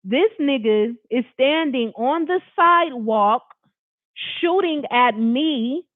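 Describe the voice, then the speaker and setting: A person from Long Beach, California telling a personal story to camera in an animated, emphatic, slangy and profane way, talking straight to viewers. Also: high voice, slow, dry recording. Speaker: storyteller recounting a personal experience. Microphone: camera facing the speaker. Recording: dry, tinny phone-like sound.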